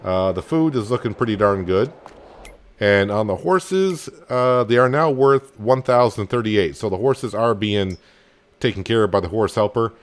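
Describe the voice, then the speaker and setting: A man with a lowish voice speaks at a moderate pace while playing a farming game. He hosts a gaming channel, giving casual let's-play commentary and thinking aloud with many fillers.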